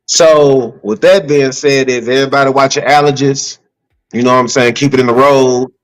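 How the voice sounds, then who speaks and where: A man, co-hosting a casual chat and making his point in an animated, persuasive way. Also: medium pitch, moderate pace, poor audio. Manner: animated, persuasive, repeats "you see what I'm saying". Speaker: podcast co-host.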